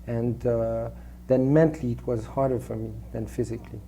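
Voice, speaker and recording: A man with a French accent, a native French speaker raised in Switzerland, answering interview questions in a halting way with many restarts and fillers. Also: mid-range voice, steady tone, dark tone, a little hiss or hum. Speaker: actor, interview guest.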